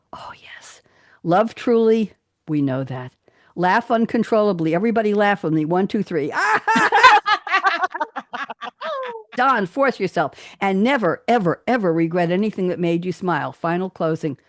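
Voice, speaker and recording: A woman's voice: fairly low pitch, normal speed, a little mellow, dry recording, studio quality. A woman radio host from Queens with a New York accent, telling jokey stories on a live talk show. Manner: chatty, jokey storyteller.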